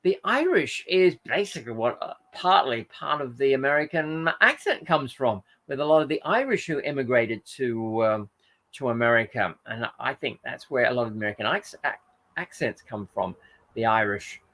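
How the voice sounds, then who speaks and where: At a moderate pace, this channel host rambles through viewer comments on a laid-back live-stream, his pitch very animated. He keeps losing track of what he's saying and correcting himself.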